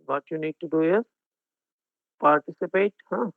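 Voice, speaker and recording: High-voiced Indian English teacher, phone-thin. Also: male voice, a little fast, gravelly, no echo. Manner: mixes Hindi and English, checks in with students. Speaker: exam coaching teacher. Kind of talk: online class lecture. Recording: phone-like narrow band, dry.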